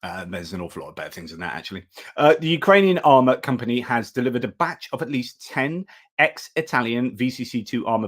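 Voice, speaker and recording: A middle-aged man hosting a casual live news stream, talking in a chatty way and breaking off to thank viewers. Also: mid-range voice. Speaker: livestream news host.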